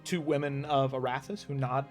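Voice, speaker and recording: A man's voice: mid-range voice, fairly even intonation, normal speed, faint music behind. A man narrating as game master in a tabletop game, chatty with many ums and frequent laughs.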